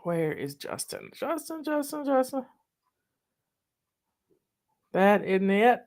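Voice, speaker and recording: A woman's voice: fairly high pitch, sing-song, slow pace, a little mellow. A woman, hosting a casual live video chat in a folksy, emotional, drawling manner, teary at times. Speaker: host.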